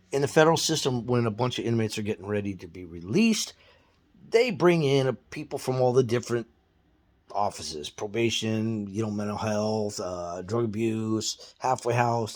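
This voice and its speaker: A man telling a story in blunt, profane, animated casual talk. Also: lowish voice. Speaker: guest storyteller.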